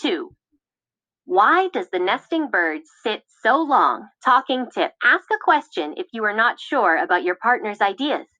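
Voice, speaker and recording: Female lesson narrator, bright and expressive, teacherly, slightly dull lo-fi audio. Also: mid-range voice, no room sound. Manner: clear, teacherly, measured. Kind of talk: scripted classroom instructions.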